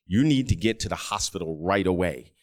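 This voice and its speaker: A man's voice: low voice, lively intonation, a little fast, darkish tone, pitched below the performer's own voice. A man playing a serious male pediatrician who firmly urges a patient to go to the hospital. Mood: urgent.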